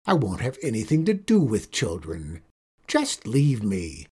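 Man doing an old storybook witch: cranky, growling, drawn-out lines, breathy. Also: fairly low pitch, wildly swooping pitch, dark tone, full character voice. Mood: moaning. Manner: gruff, growling, drawn-out outbursts. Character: grumpy old witch woman, bellowing and snarling. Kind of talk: storybook character voice.

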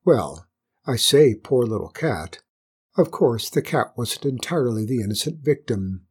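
A woman narrating a children's story with gentle, wry asides. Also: a bass voice, lively intonation, unhurried, breathy edge.

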